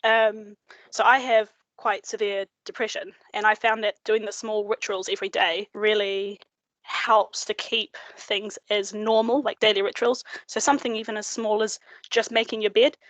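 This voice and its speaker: A woman cuts in from the audience of a webinar, her mid-pitched voice dry and close. She talks hesitantly and politely, pausing on fillers as she shares. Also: level tone, a bit bright, dry recording, rough recording. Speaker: webinar attendee. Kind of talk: casual chat.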